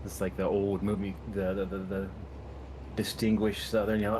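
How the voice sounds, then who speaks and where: A man's voice: fairly low pitch, level tone, normal speed, noisy background. A man chatting while playing a game with a friend, laid-back and a little hesitant. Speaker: co-player. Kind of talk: casual gaming chat. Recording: game sounds under voice.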